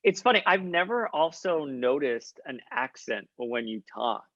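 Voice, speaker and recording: A man's voice: medium pitch, big pitch swings, unhurried, a bit bright, no echo. A man with a Miami accent whose first language is Spanish, hosting a podcast and chatting playfully, laughing easily. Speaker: podcast host. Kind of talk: casual chat, interviewing. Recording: dull, dry sound.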